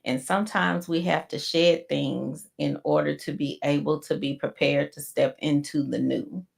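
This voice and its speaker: Woman, podcast co-host, low gravelly voice, slow, reflective, faith-based encouragement. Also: steady tone. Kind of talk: heartfelt closing reflection.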